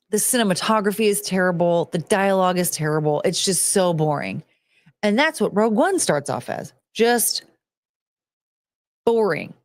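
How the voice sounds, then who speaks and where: A woman hosts a podcast in a loose, opinionated rant, cursing freely and tripping over her own restarts. Her voice sits at an ordinary middle pitch. The sound is dry, with almost no room around it. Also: dry recording. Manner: blunt, swears, restarts a lot. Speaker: podcast host.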